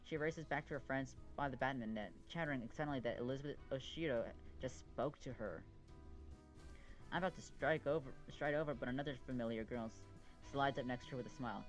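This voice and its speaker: Man narrating a visual novel, wry, mid-pitched, faint music behind. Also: fast, low-quality recording. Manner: wry, stumbling over words. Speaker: let's play reader. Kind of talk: reading a visual novel aloud.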